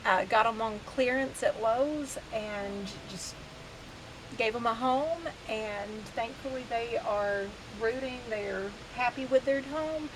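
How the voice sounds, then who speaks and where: Background noise and a faint outdoor ambience surround this vlogger, a woman in her thirties whose voice sits on the high side. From her back porch deck she chats casually to the camera, quick to laugh and to tease herself.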